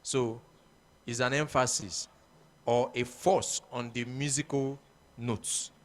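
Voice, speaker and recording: A man's voice: medium pitch, steady tone, slow pace. A man with a Nigerian English accent reading out music theory definitions, repeating each phrase. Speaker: choir music teacher.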